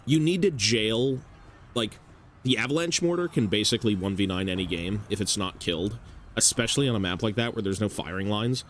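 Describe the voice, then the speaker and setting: A man's voice: on the low side, brisk, a bit bright, slight background noise. A man streaming, talking loosely through a strategy game match with plenty of fillers. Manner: loose, rambling, filler-heavy. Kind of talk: casual game commentary.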